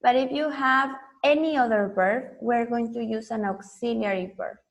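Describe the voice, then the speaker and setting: A woman's voice: a little high, normal speed, gravelly. A woman teaching an English lesson, explaining and drilling students with patient repetition. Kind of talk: online language lesson.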